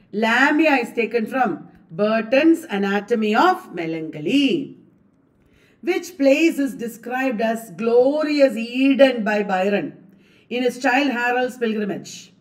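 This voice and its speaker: A woman lecturing at a slow, deliberate pace and drilling her students through exam questions. Her fairly high voice sounds a little removed from the microphone, as in a classroom recording. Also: distant mic. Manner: quizzing students with repeated questions. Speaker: English literature exam coach.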